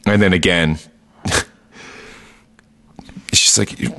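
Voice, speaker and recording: A man's voice: low voice, steady tone, takes it slowly, creaky, pauses often, pushed and bright. A man casually recapping a TV episode on a podcast, rambling with lots of fillers and acting out quoted lines. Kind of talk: casual chat.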